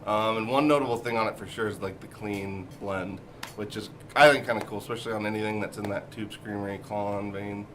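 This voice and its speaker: Shop co-host: easygoing man with a bright, forward tone, talking gear over faint noise. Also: lowish voice, fairly even intonation, fairly quick. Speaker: co-host of a music shop Q&A show. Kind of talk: casual chat. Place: music shop.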